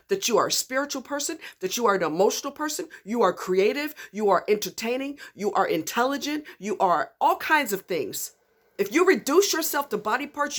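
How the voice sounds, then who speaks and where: A woman vlogger, her voice on the high side and a bit bright, launches into a fired-up, blunt rant straight to camera, swearing heavily and speaking angrily to her viewers.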